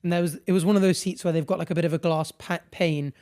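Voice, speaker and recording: A young British man with a bright, fairly high voice, chatting on a podcast. He tells stories with energy, slips into little character voices for the people in them, and laughs easily. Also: fast talker, smooth. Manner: animated, acts out voices in anecdotes, laughs often. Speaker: podcast co-host. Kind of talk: casual chat and storytelling.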